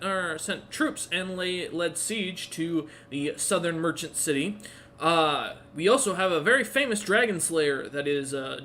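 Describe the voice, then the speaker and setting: A man voicing a dutiful male city guard who reports to his lord in an earnest, halting way. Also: fairly high pitch, bright, forceful tone, a little hiss or hum.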